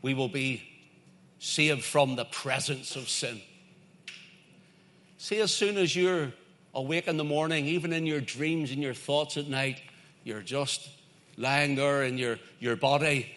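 A man's voice: mid-range voice, measured pace, long pauses, fairly bright tone. A man preaching a sermon, emphatic and repetitive, building his points in lists.

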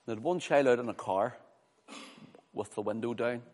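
Animated preacher in a hall. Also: male voice, medium pitch, normal speed. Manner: animated, repeats words, acts out quoted voices. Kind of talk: sermon. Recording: reverberant hall.

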